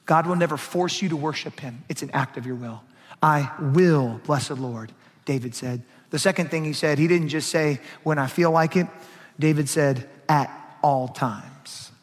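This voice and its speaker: A middle-aged man, a pastor preaching a sermon with emphasis, dropping to a hush and then rising again. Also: on the high side, a little fast. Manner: emphatic preaching, swings from hushed to raised. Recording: long hall reverb.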